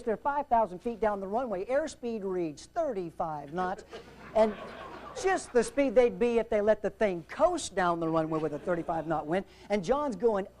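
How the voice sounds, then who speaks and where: A man giving a humorous aviation safety talk, telling anecdotes in an animated, theatrical way with jokes. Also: high-pitched. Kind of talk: humorous storytelling seminar talk.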